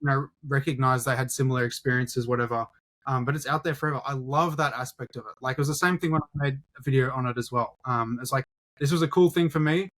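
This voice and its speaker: A man's voice: medium pitch, fairly even intonation, fast talker, a bit bright. A young man co-hosting a casual podcast, laid-back, swearing often and calling people dude and bro. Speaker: podcast co-host, YouTuber.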